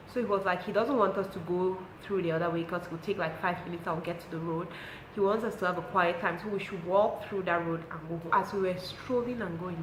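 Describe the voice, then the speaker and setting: A woman's voice: on the low side, reverberant, slight background noise, low-quality recording. A young woman with a Cameroonian English accent, telling a personal story on her vlog and acting out what people said. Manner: animated storytelling, acts out quotes. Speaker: lifestyle vlogger.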